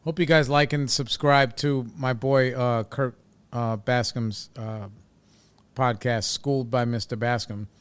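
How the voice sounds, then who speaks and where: A man's voice: mid-range voice, fairly even intonation, a little slow, clear, resonant tone, dry recording. A man hosting a casual solo podcast, talking in a laid-back, rambling way with lots of fillers and swearing. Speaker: podcast host. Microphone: studio microphone.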